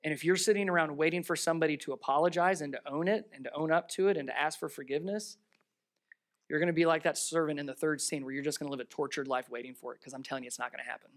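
A pastor delivering a sermon in a mid-range voice. They lean into rhetorical questions and emphatic repetition. They move between raised, stressed lines and low, heartfelt asides. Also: steady tone, very fast. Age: adult with children. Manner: swings between raised emphasis and quiet earnest tones.

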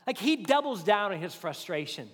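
A male pastor preaches to his congregation in a loose, talky way, acting out the lines he quotes. His voice sits very high for a man. The sound rings out with the long reverb of a large hall. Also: moderate pace, slightly rough. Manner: conversational, animated preaching with acted-out quotes. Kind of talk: sermon.

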